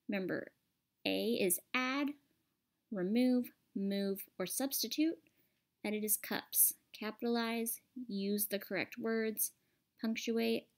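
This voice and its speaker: A woman's voice: mid-range voice, creaky, a little mellow. A woman teacher explaining a grammar lesson patiently and step by step over a screen recording.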